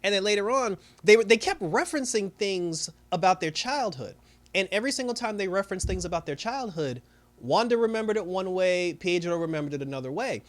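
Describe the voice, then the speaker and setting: A man's voice: high voice, lively intonation, a little fast. A man giving a casual recap of a TV episode, rambling along with many fillers. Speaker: TV show reviewer.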